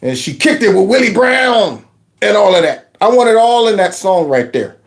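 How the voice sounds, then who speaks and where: A man's voice: high voice, sing-song, normal speed. Sarcastic man doing reaction commentary. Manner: mocking, sarcastic, laughing asides. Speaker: commentary channel host.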